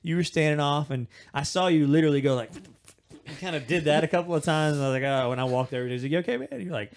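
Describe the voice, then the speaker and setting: Guy co-hosting a chill podcast, rambly, restarts a lot, thinks out loud. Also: on the high side, racing. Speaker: podcast host. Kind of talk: casual chat. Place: small room, podcast recording.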